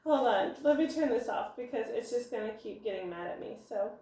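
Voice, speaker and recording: A woman's voice: fairly high pitch, animated, fairly quick, dark tone, a little hiss or hum. A woman teacher giving a recorded phonics lesson, explaining step by step and answering her own questions. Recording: echoey room.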